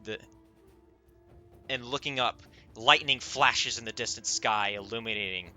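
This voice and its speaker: A man narrating a tabletop game as game master, halting often with filler sounds as he goes. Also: medium pitch, sharp tone, soft background music.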